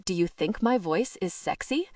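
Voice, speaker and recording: A woman's voice: mid-range voice, animated, moderate pace, a little mellow, no room sound, distant mic, close to an everyday voice. Woman doing a teasing southern teen guy, keeps pushing, dry sound a bit off mic. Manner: teasing and persistent.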